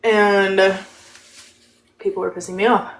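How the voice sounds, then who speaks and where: A woman's voice: mid-range voice, level tone, measured pace. Casual woman streaming from her phone, laughs a lot, roomy echoey sound. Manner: chatty, laughs often, talks while eating. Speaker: live stream host. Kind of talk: casual chat. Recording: roomy echo.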